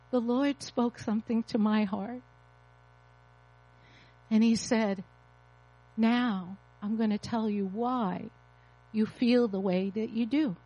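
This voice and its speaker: High-voiced woman preaching a testimony. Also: darkish tone, no room sound, rough recording. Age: 50s. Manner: emotional, confessional storytelling. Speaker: pastor. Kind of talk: sermon testimony.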